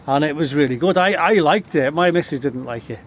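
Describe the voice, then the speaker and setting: A man's voice: a little high, a little fast, a little hiss or hum. A middle-aged man with a Liverpool accent telling rowdy, boastful stories in casual talk, swearing constantly. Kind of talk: casual storytelling.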